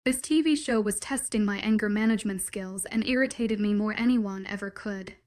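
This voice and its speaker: A woman narrating a first-person romance audiobook in a soft, intimate, dreamy storytelling manner. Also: mid-range voice, fairly quick.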